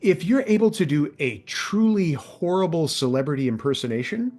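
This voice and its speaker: A male voice actor and audiobook narrator chatting as an interview guest, lively and demonstrative, often sliding his pitch way up or down to show off different voices. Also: normal speed. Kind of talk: casual interview chat.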